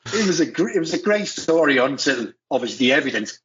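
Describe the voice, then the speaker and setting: A middle-aged former footballer talking as a pundit in casual podcast chat, rambling with restarts and tag questions. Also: male voice, a little high, very animated, quick pace, fairly bright tone. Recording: muffled lo-fi audio.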